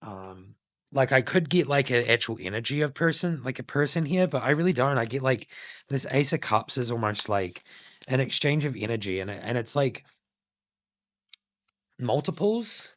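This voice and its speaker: An animated man of medium pitch speaks at normal speed, recorded clean in a studio without echo. He's reading tarot collectively for his channel audience, wandering through intuitive thoughts with plenty of fillers.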